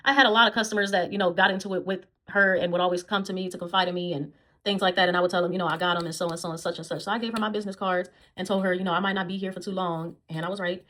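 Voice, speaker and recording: Fast-talking woman venting a storytime. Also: lowish voice, steady tone, a bit bright. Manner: blunt, profane, venting. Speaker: dog groomer. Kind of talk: storytime vlog.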